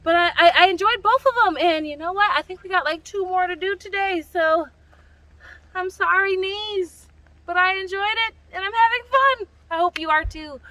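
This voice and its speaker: A woman's voice: very high-pitched, moderate pace, bright, forceful tone, no room sound, rough recording. A woman hiking vlogger talking casually outdoors on forest trails, chatty, upbeat and self-mocking. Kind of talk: casual vlog narration.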